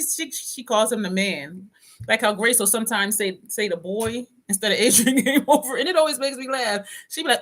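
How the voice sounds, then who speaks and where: A woman with a fairly bright, higher voice talks at a quick clip. She's a chatty vlogger going through live comments, frequently laughing and putting on voices for quotes.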